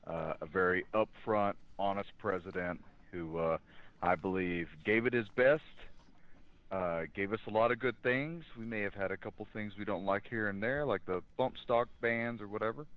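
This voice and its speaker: Low-voiced male guest on a dull line. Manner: earnest, opinionated, halting with fillers. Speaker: guest in law enforcement. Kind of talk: casual political talk.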